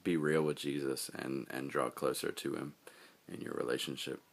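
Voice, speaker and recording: Man, extremely low voice, gravelly fry, relaxed, halting, many fillers, group leader. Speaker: group leader addressing a mission team. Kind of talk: casual closing remarks.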